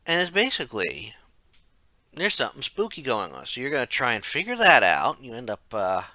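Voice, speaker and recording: A man's voice: medium pitch, wildly swooping pitch, brisk, bright, forceful tone, no room sound. A man narrating a casual game retrospective, rambling, correcting himself and dropping wry asides. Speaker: game reviewer.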